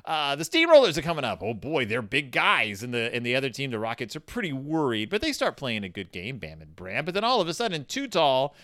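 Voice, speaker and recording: A man's voice: mid-range voice, wildly swooping pitch, sharp tone, no room sound, clean studio sound. A middle-aged man from Minnesota, recapping a children's book in a rambling, sarcastic casual chat. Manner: sarcastic, rambling, quick asides.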